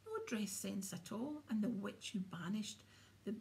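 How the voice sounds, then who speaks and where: A woman voicing a vain, smooth-talking male wizard teacher in a storybook reading, pompous and condescending. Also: medium pitch, expressive, measured pace, a little mellow. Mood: smug.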